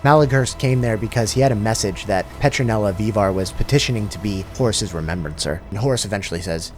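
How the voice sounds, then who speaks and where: A man's voice: on the low side, quick pace, hardly any pauses, soft background music. A young man casually recapping a sci-fi novel in a slangy, profane, rambling way, mixed with read passages. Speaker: lore recap host. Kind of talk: casual comedic book recap.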